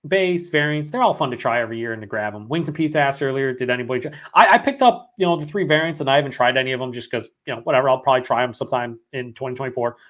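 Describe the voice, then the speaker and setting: Racing along with few pauses, a young host of a long live beer vlog talks in a medium-pitched, somewhat bright voice that's worn after hours on stream. He rambles casually, reads chat comments, and swears a lot.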